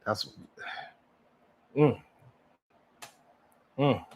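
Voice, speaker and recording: A man's voice: drawn-out words, a little hiss or hum. A man from New York hosting a live stream talk show, chatting casually with loose banter and frequent cursing. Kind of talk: casual reaction chat.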